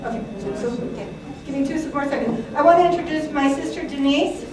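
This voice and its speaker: A Greek-born woman in her sixties gives a chatty presentation to an audience, full of fillers and laughter. Her voice sits high and she talks fast. The recording is very noisy, picked up from far off in an echoey hall.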